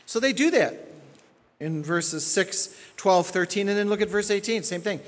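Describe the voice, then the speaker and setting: A man's voice: high voice, moderate pace, in a large hall. A man preaching an expository sermon as pastor, emphatic and repeating key points for stress.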